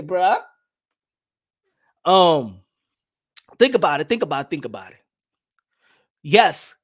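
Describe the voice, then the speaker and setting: A man hosting a casual boxing live stream, talking animatedly, repeating himself and shouting out chat viewers. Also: fairly high pitch. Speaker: boxing channel host.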